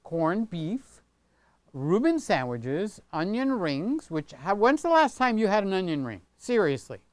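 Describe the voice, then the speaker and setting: A man's voice: high-pitched, big pitch swings, measured pace, dry recording. An older man hosting a casual livestream from his home studio, rambling and chatty, often tagging on "okay?". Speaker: channel host. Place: home studio room with set pieces.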